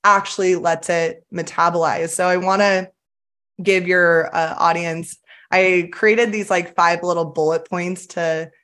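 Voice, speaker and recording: A woman's voice: lowish voice, steady tone, a little slow, fairly bright tone. A woman, a therapist, explaining her approach in a casual, earnest and upbeat podcast interview. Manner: earnest, upbeat, enthusiastic coaching tone. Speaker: somatic attachment therapist, guest.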